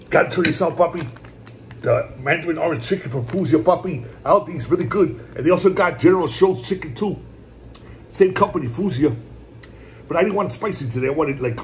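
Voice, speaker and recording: A mukbang vlogger with a highish, expressive voice chats fairly quickly while eating at home indoors, with a little hiss or hum in the audio. He's laid-back and rambling in this casual eating vlog, repeatedly saying "my brothers" and "puppy."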